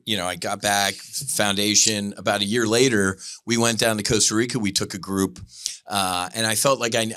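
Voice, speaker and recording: A man's voice: on the low side, bright, forceful tone. A man hosting a podcast, talking earnestly and casually, often saying "man". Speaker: podcast host. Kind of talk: casual conversation.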